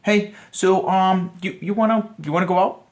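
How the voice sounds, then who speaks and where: A man acting out a nervous, awkward young man who stammers and rushes while asking a woman out. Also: high-pitched, steady tone, voice pushed up, natural voice. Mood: nervous, jittery.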